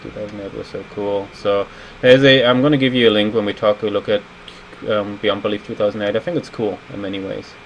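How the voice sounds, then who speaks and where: A lower-pitched man in his thirties talks through a live game stream at a desk mic, rambling casually and answering viewer comments as they come in. A faint air-conditioning hum sits behind his voice. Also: level tone, fairly quick, dull audio. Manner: chatty, rambling, reads viewer comments aloud. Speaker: level designer streaming a retrospective.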